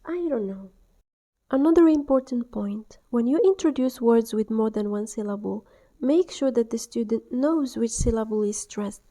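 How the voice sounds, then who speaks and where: Woman teaching, dark mellow voice. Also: a little high. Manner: clear, deliberate, exaggerates classroom model phrases. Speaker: English teacher trainer. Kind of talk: instructional voice-over.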